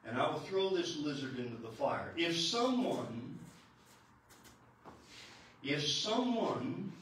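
A man voicing a wise old hunter who speaks in calm, solemn pronouncements, recorded in an echoey church. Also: on the high side, takes it slowly, recorded from a distance, a little hiss or hum, heavily acted.

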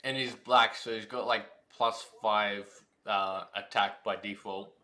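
A man joins a casual podcast watch-along and offers relaxed, wry predictions. His voice is low but has a strongly bright, forceful edge. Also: unhurried.

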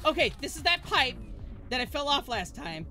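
Woman streamer, desk mic, lively up-and-down voice, curses at every fail, rambling chat with viewers. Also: sits high, normal speed, soft background music. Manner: swears and shrieks at failures. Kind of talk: live gameplay commentary.

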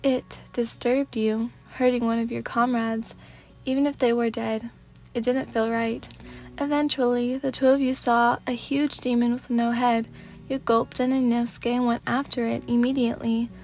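Lady reading bedtime asmr fanfic, calm and steady, kinda high voice, faint music behind. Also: normal speed. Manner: calm, steady storybook narration. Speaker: narrator.

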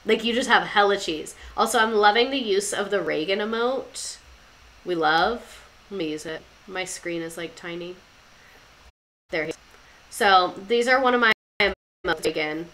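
A woman's voice: medium pitch, unhurried, long pauses, a bit bright. A woman streaming a casual history chat, sarcastic and laughing often, swearing freely.

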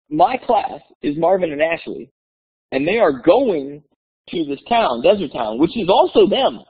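A male teacher telling a classroom story to other educators in a webinar, energetic and enthusiastic, acting out the voices in his story. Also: on the high side, slightly rough. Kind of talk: animated storytelling presentation. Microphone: webinar call mic. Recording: tinny phone-like webinar audio.

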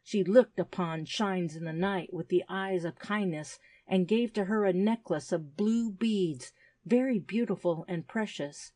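A woman's voice: fairly low pitch, measured pace, dark tone, no echo. A woman voicing an earnest young native boy who speaks in solemn, formal storyteller phrases in an audiobook. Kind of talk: audiobook character reading.

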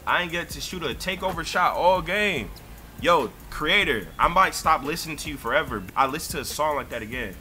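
A young man giving profane, excitable live commentary while playing a video game, ranting and breaking into sudden shouts. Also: fairly high pitch, a little fast. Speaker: gaming streamer.

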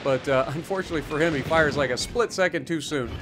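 A man's voice: a little high, fast talker, over music. A man giving casual, sarcastic commentary over his own gameplay, chatting and teasing opponents as he explains his moves. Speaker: gaming YouTuber.

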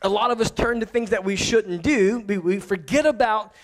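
A man's voice: sits high, normal speed. A man in his thirties, a pastor, preaching in a loose, conversational way, telling self-mocking family stories and acting out the dialogue. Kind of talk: storytelling sermon.

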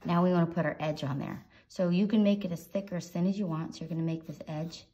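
A woman narrates a casual drawing tutorial, chatty and encouraging, adding playful little sound effects as she sketches. Her voice is lowish and quick with a dark tone, and the recording sounds muffled.

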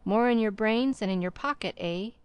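A woman voicing a brisk, bustling middle-aged gentleman who talks in an abrupt, blunt way, in a storybook reading. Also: mid-range voice, smooth, dry recording, muffled recording, close to an everyday voice. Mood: brusque.

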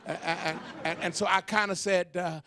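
High-pitched shouting older preacher. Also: male voice, steady tone, moderate pace. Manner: impassioned shouted preaching with stammered repetitions. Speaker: pastor. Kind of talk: sermon.

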